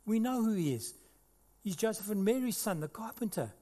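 A man's voice: high voice, sing-song, normal speed, warm tone, voice pushed up. A man voicing scornful grumbling skeptics. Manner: scornful, muttering. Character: grumbling skeptical crowd of men.

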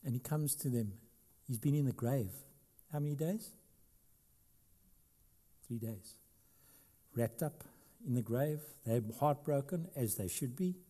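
A middle-aged man preaching a sermon as a pastor. He swings between loud, emphatic stretches and quiet asides, asking the congregation questions and adding light humor. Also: medium pitch, lively intonation, unhurried, pauses often.

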